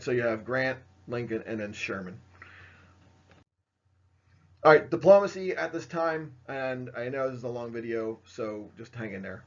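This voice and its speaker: Male teacher with a mid-pitched voice, lecturing casually over slides, dull lo-fi recording. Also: fairly bright tone. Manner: casual, filler-heavy, pointing at slides. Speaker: history teacher.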